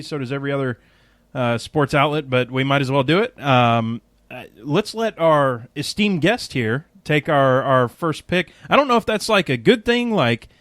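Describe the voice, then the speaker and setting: A man with a fairly high voice hosts a podcast, bantering and laughing often as his pitch jumps around. The sound is dry and close. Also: fairly bright tone, dry recording. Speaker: podcast host. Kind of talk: casual podcast chat.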